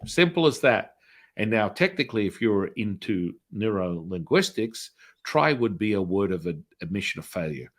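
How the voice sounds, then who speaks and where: Middle-aged male storyteller, lowish voice, chatty interview guest, does the other people's voices. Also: moderate pace. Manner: animated storyteller acting out quoted voices. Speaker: spiritual healer guest.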